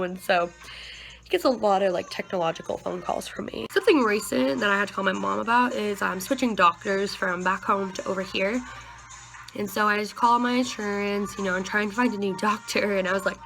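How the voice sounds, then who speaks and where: A woman's voice: mid-range voice, fairly quick, creaky, fairly bright tone, soft background music, poor audio. A nineteen-year-old woman vlogging in a chatty, rambling way, full of fillers. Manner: chatty, rambling, with many likes and you-knows. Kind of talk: casual vlog chat.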